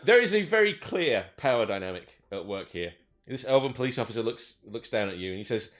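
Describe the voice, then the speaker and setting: A game master talks his players through a scene in a relaxed, chatty way, often restarting a phrase. His voice sits in a middling register for a man. The sound is that of a casual tabletop-game recording. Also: mid-range voice, a little fast.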